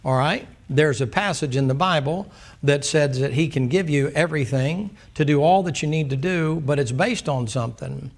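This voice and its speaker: Man preacher, gravelly, slightly raised pitch, folksy storyteller who quizzes his class. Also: normal speed. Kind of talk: Sunday school sermon.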